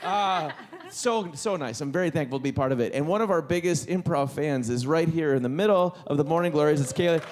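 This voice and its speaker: A man hosts a live concert from the stage, his voice pitched a little high as he rambles through thanks and announcements. He keeps restarting his sentences and sounds loose and unscripted. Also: brisk, hardly any pauses, a little mellow. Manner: rambling, self-interrupting, enthusiastic. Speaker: event host. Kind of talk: casual stage emcee talk.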